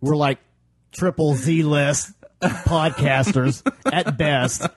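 A man's voice: a little high, takes it slowly, no echo. A man co-hosting a podcast in casual chat, tossing off dry, sarcastic quips. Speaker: podcast co-host.

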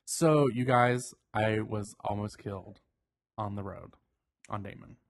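A man co-hosting a podcast, chatting casually and telling a story with lively acted-out quotes. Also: on the low side, measured pace, vocal fry. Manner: animated storyteller, acts out quoted voices. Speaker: podcast co-host. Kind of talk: casual chat.

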